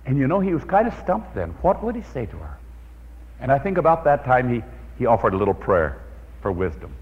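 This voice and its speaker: A man preaching a sermon to an audience in a hall, telling stories in an animated way and praying aloud. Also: mid-range voice, fairly quick. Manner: animated storyteller, prays aloud. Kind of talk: evangelistic sermon with storytelling. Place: church or meeting hall with an audience. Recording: dull old recording in a reverberant hall.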